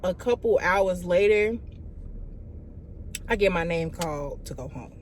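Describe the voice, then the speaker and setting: Animated young woman telling a storytime vlog. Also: on the low side, unhurried, a little hiss or hum. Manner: animated, profane, fillers of "like" and "y'all". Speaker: vlogger.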